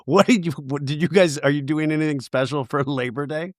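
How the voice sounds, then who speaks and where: A man hosting a casual pop culture podcast, his voice froggy from a head cold, animated and laughing often. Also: on the high side, fairly quick, dry recording, clean studio sound. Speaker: podcast host.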